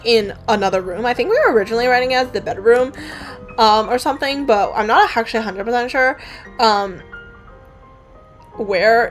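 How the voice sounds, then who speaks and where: Woman comic artist, casual story recap while drawing, somewhat high voice, rambling, faint music under her. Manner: rambling, full of fillers and casual swearing.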